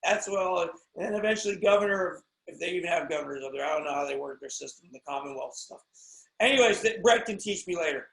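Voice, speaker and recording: A high-voiced American man hosts a wrestling podcast in a loose, rambling monologue. He swings from loud excited bursts to low muttered asides and keeps cutting himself off. The sound is roomy and echoey. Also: fast, gravelly. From United States.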